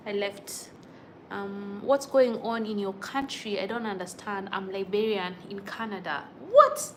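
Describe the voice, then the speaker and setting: A woman's voice: mid-range voice, fairly bright tone, a little hiss or hum. Indignant Kenyan woman livestreaming. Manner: emotional, indignant, exclamatory. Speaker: livestream host. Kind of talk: casual livestream chat reading viewer comments. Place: at home.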